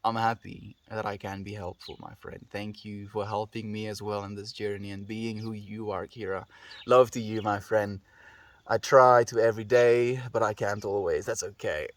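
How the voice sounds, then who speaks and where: A South African man hosts a relaxed live stream, reading messages aloud and answering each viewer with gentle affection. His voice sits a little low and comes across dry and close, with no room around it. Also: moderate pace, no echo. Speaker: livestreamer.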